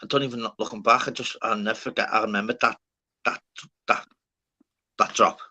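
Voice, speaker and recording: A man's voice: lowish voice, steady tone, fairly quick, sharp tone, breathy edge. A man, swearing a lot and rambling through stories in casual banter as a live stream host.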